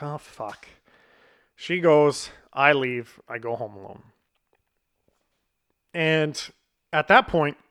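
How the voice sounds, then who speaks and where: A man's voice: medium pitch, fairly bright tone. A man in his thirties telling a personal story in a casual, blunt way, swearing freely and chuckling at himself. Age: 30s. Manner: blunt and profane, laughing at himself.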